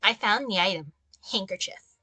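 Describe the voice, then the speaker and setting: A young woman talks through a game in a casual, chatty way, breaking into exasperated rants now and then. Her voice sits at an ordinary middle pitch. The sound is dry and close, with no room echo. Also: expressive, normal speed, bright, forceful tone, husky, faint music behind. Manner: chatty, exasperated ranting asides. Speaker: gameplay commentator. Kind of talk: casual let's-play commentary.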